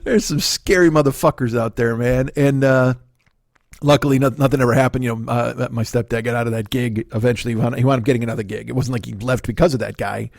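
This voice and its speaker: A man's voice: medium pitch, fairly even intonation, fast talker, creaky, a little mellow, no room sound, clean studio sound. A middle-aged man with a Chicago accent, hosting a comedy podcast in a rambling, profane storytelling monologue. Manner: profane, loose storytelling with frequent fillers.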